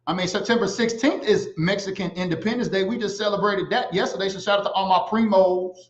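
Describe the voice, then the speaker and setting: A man hosting a casual livestream, animated and giving shout-outs to viewers. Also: sits high, fast. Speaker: livestream host. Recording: echoey, slightly dull sound.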